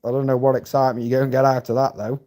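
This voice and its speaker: A man's voice: mid-range voice, level tone, very fast, dark tone. A Scottish man chatting casually on a live stream, rambling and swearing bluntly as he reads and answers viewer comments. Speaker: livestreamer.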